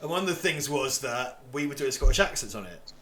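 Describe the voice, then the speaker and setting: A man's voice: mid-range voice, expressive, brisk, a bit bright, slight background noise. A man from England chatting casually as co-host of a livestream, rambling, swearing and laughing often.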